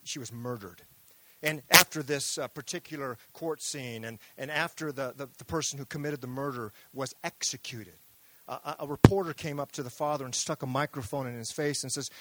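A middle-aged man preaching a sermon, moving between hushed, intimate lines and loud, fervent emphasis. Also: medium pitch, noisy background.

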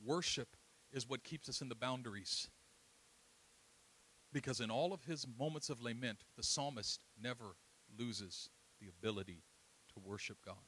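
A middle-aged man preaching a sermon, swinging between loud, soaring passages and quiet, hushed storytelling. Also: medium pitch, normal speed, a little hiss or hum, rough recording.

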